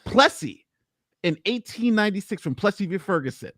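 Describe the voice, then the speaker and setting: A man on a livestream panel, telling a story in a lively, animated way and laughing often. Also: moderate pace, dry recording, studio quality. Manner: animated storyteller, laughs often, rises high when excited. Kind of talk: casual livestream chat.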